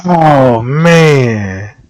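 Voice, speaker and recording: A man's voice: medium pitch, lively intonation, darkish tone, dry recording. A man hosting a livestream, reacting with lots of laughter and slangy commentary. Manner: slangy, laughs often, acts out quick bits. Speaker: livestream host.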